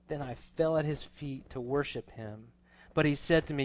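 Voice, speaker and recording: A man preaching a sermon, moving between quiet, casual asides and loud, proclaiming readings of scripture. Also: mid-range voice, moderate pace. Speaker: pastor. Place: church.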